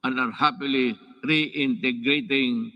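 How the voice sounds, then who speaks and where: A head of state from the Philippines, speaking with a Filipino accent, gives a formal address from a podium in a large indoor hall, breaking into off-script asides and repeatedly restarting and correcting himself in a halting way. His medium-pitched voice has fairly even intonation, and the lo-fi recording carries the hall's long reverb.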